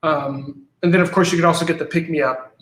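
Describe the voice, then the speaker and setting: A man's voice: on the high side, fairly even intonation, quick pace, a bit bright, roomy sound. A man, a guest creator, eagerly explaining his work in casual interview chat, often repeating words as he goes.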